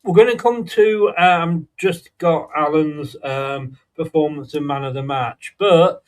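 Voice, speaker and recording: A chatty man hosts a fan show in loose banter and keeps the segments moving. His voice sits notably high. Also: a little slow. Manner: chatty, moves the show along. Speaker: show host. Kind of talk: casual podcast banter.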